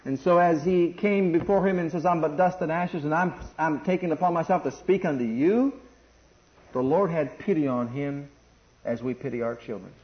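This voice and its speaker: A middle-aged man preaching a sermon, animated and acting out voices in a bargaining tone. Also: a little high, moderate pace. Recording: dull lo-fi sound.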